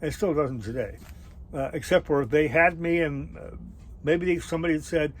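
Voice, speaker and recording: Man rambling thru a travel story, lotsa ums and restarts, a bit high pitched. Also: poor audio. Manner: rambling, halting, many fillers and restarts. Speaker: travel vlogger. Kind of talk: casual storytelling.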